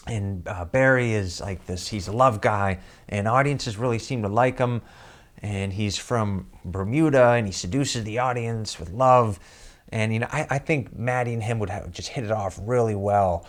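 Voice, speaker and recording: A male comedian telling a story about himself. He speaks in a somewhat low voice, chuckles along the way and keeps the tone self-deprecating. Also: moderate pace. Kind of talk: comic storytelling.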